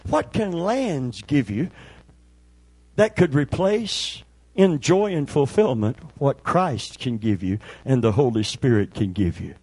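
An older man preaching a sermon as pastor, emphatic and calling for amens, with a husky voice. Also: medium pitch, darkish tone, dry recording. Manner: emphatic preaching with call-and-response.

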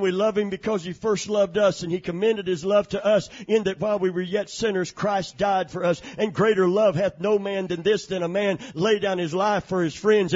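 A preacher giving a sermon, swinging from shouted, chanting climaxes down to low, quiet storytelling. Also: male voice, muffled recording. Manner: rising to shouted, chanting peaks, then dropping low and soft.

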